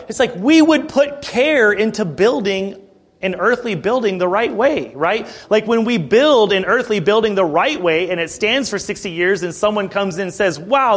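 A man delivering a sermon in a loose, conversational way, breaking off into asides to his listeners. His voice sits high for a man and swings widely in pitch as he preaches. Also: fairly bright tone. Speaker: pastor.

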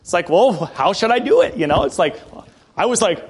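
A male preacher giving a sermon in a conversational storytelling way, often clearing his throat. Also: sits high, lively intonation, a little fast. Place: church building.

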